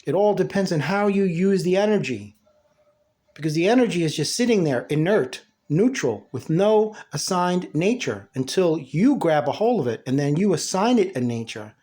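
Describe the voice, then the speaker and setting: A man's voice: sits high, animated, moderate pace, warm tone. A man giving a blunt, scolding motivational monologue, talking down excuses and self-pity. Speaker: motivational speaker.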